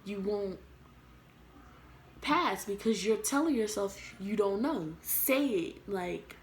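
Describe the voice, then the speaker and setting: A woman's voice: medium pitch, lively intonation, slow pace, a little hiss or hum. A young adult woman telling a story from her school days to camera, rambling and full of fillers. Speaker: vlogger. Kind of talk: casual storytime. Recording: echoey room.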